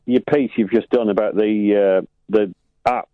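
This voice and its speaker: A man's voice: lowish voice, fairly even intonation, moderate pace, dry recording. A man calling in to a radio show over the phone, chatty and rambling with lots of fillers. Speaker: caller. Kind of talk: casual phone-in chat. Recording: tinny phone line.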